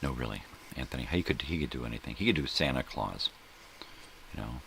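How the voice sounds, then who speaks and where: Very deep, gravelly middle-aged man. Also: expressive, fairly quick, fairly bright tone, slight background noise. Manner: rambling, joking, profane, trails off searching for names. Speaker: host. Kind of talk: casual solo livestream chat.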